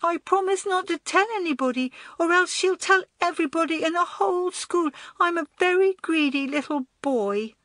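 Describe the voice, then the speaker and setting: A sobbing little schoolboy. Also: female voice, expressive, normal speed, fairly bright tone, no room sound, full character voice. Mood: tearful. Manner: sobbing, wailing, high and pleading. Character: small tearful young schoolboy, timid and scared. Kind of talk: audiobook character voice.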